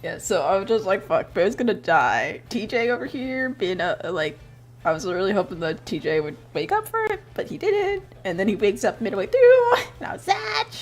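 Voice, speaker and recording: A woman's voice: mid-range voice, big pitch swings, moderate pace. A woman streamer chatting casually and recapping a story while she draws, rambling, swearing freely and breaking into laughter. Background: faint background music.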